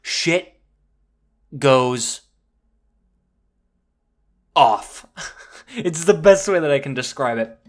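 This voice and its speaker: A young man hosting a podcast, talking excitedly and casually about a film, swearing freely and acting out the quoted lines. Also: fairly high pitch, extremely slow, long pauses. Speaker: podcast host. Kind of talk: excited casual movie review monologue.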